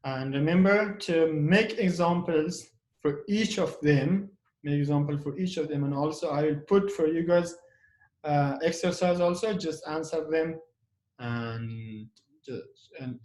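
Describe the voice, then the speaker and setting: Halting man teaching grammar, echoey. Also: a little high, darkish tone. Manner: halting, many fillers and restarts, repeats examples. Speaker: English teacher. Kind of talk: online grammar lesson.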